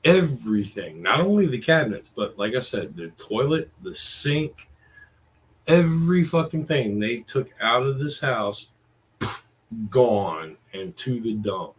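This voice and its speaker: A vlogger in his forties delivers a rambling, exasperated rant full of curses, casual and monologue-style. His medium-pitched voice is very animated but a little slow, and the recording quality is low.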